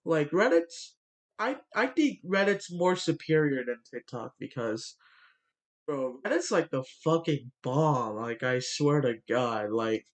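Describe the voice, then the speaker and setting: Guy with a stuffy nose ranting, kinda high voice, talks slow, swears a lot. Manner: blunt, profane ranting with many fillers. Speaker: vlogger. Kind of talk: ranting monologue.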